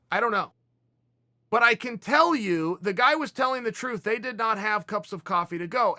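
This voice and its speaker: A man in his forties from Oregon telling a long story in casual, animated style, often restarting his sentences. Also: sits high, no echo, clean studio sound. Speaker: podcast host.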